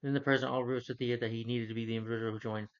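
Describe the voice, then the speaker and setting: This recording is lo-fi and a touch dull, featuring a man whose medium-pitched voice holds a steady tone while he speaks at a racing clip. As a video creator recapping a TV season, he rambles and retells scenes, peppering them with "you know" and "he's like."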